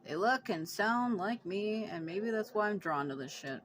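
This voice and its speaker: A woman's voice: mid-range voice, expressive, normal speed, slight background noise. Blunt, swearing woman gamer. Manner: blunt, swears freely, yelps at jump scares. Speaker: gameplay video creator. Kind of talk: casual let's-play commentary. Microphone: phone recording the play.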